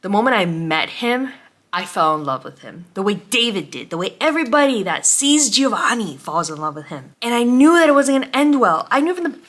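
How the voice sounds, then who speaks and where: A young woman vlogging about a book she loves, tearful and halting, often dropping to a whisper as she fights back crying. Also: fairly high pitch, big pitch swings, a bit bright. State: close to crying. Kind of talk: emotional book reaction.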